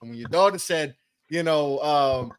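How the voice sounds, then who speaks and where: A man co-hosting a sports podcast, ranting in a joking way and dropping to low mutters. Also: moderate pace, clean tone. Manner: animated joking rant, drops to mutters. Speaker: podcast co-host. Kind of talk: casual sports chat.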